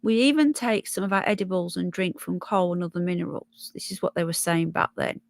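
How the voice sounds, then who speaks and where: A middle-aged woman hosts a relaxed live chat, warmly greeting viewers by name between passages she reads aloud. The sound is close and dry, with no room around it. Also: lowish voice, fairly quick, gravelly, dry recording. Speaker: livestream host. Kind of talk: casual live chat reading articles.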